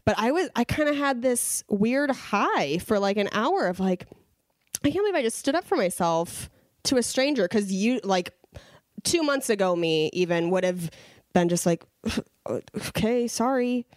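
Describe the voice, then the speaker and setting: A woman's voice: medium pitch, expressive, normal speed, no room sound, clean studio sound. A woman co-hosting a casual podcast chat, telling stories animatedly, acting out quotes and laughing often. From Los Angeles area. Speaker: podcast co-host.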